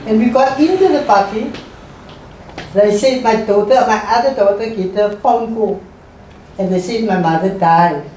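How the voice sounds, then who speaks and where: A woman's voice: mid-range voice, mellow. Woman telling a personal story. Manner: halting, emotional, repeats phrases. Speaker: interview guest. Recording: echoey room, voice far from mic, faint noise.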